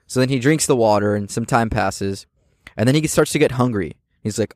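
A man's voice: fairly low pitch, brisk, a little mellow, dry recording, studio quality. A man as a podcast guest, earnestly telling a story in casual chat outdoors and often repeating words as he thinks. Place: outdoors on campus steps.

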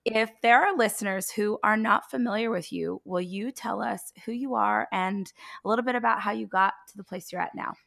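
Hoarse-sounding woman podcast host. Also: mid-range voice, normal speed, a bit bright, no echo, studio quality. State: losing her voice. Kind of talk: podcast interview.

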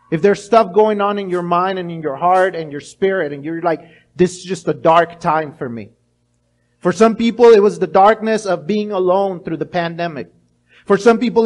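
High-voiced animated male pastor. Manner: animated preaching, acting out voices, many restarts. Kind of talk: sermon.

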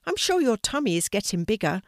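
A woman voicing a mean, bossy brother squirrel in a children's story, speaking in a sharp, scolding way. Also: mid-range voice, big pitch swings, brisk, dry recording, clean studio sound.

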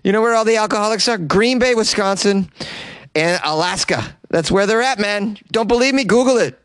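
A man's voice: sits high, a little fast, clean tone, no room sound. A man hosting a comedy news podcast, riffing sarcastically and animatedly on weird stories. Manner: sarcastic, animated, jumps into mocking voices. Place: small closet.

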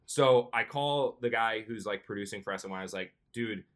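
A young man casually telling a long, animated story as a podcast co-host, often slipping into excited quoted self-talk. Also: on the low side, a little fast.

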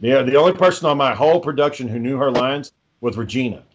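A man's voice: medium pitch, fast, noisy background. A man who hosts the podcast and makes indie films, talking in a laid-back casual chat and swearing constantly. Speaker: podcast host and indie filmmaker.

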